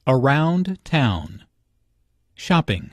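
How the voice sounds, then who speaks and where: Slow, measured man narrating a lesson. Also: mid-range voice, sing-song, no room sound. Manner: measured, explanatory.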